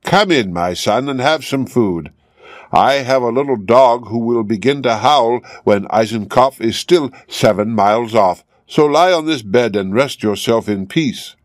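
A man's voice: medium pitch, expressive, unhurried, no room sound, studio quality, natural voice. A man voicing a kindly old woman helper in a fairy tale, motherly and urging.

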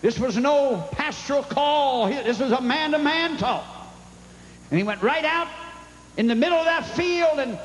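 A man preaching a fiery revival sermon, telling a folksy story and shouting at times, recorded live in a big tent. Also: extremely high pitch, lively intonation, moderate pace, slight background noise. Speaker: evangelist preacher. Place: large revival tent with congregation. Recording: tent revival with long echo and crowd.

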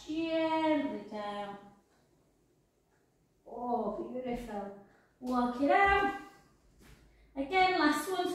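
A fitness instructor leads a workout class, counting out reps and calling cues encouragingly, sometimes sounding out of breath. Her voice sits high and comes from off the mic, picked up at a distance in an echoey room.

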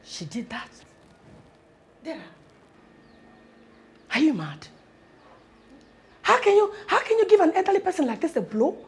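A woman's voice: very high-pitched, wildly swooping pitch, a little slow, long pauses, slight background noise, full character voice. A woman playing a stern, sarcastic mother. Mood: scolding. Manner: scolding, sarcastic. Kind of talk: film drama acting.

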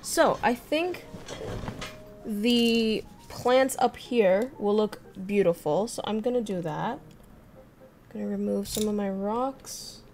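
A woman's voice: mid-range voice, takes it slowly, darkish tone. A young woman streaming, thinking aloud and chatting casually with her viewers as she works. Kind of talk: casual livestream chat while crafting.

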